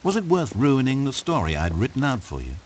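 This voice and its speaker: A man's voice: mid-range voice, wildly swooping pitch, a little fast, darkish tone, a little hiss or hum. A man playing a game's sardonic male narrator, who reproaches the player directly with dry, needling asides. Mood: sarcastic. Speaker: game narrator. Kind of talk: scripted game narration.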